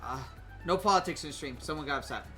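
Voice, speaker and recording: A streamer chats casually while gaming, speaking fast in a medium-pitched, sharp voice over soft background music. The talk is hesitant, full of fillers and restarts, with occasional humming of tunes.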